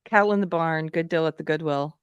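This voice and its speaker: A woman's voice: low voice, quick pace, smooth, no room sound, muffled recording. A woman with a Southern American accent hosting a casual live-stream chat, laughing often. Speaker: podcast host.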